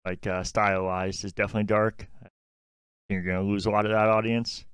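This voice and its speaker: A man co-hosting a gaming podcast in casual chat, relaxed and thinking out loud. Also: on the low side, a little fast, clean tone, dry recording, clean studio sound. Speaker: podcast co-host.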